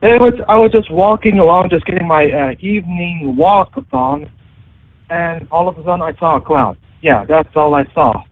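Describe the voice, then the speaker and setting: A man's voice: on the high side, very animated, moderate pace, no room sound. A man calling in to a radio show to tell a story, hesitant and full of fillers. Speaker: caller. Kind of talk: telling a story on a call-in show. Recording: dry tinny phone line.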